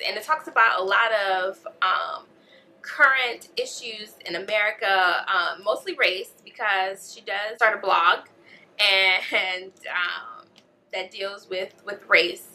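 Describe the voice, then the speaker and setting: A woman's voice: medium pitch, unhurried, pushed and bright, poor audio. Chatty woman gushing over a book. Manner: chatty, lots of fillers and "like", gushing. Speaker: book vlogger. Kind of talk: casual book review.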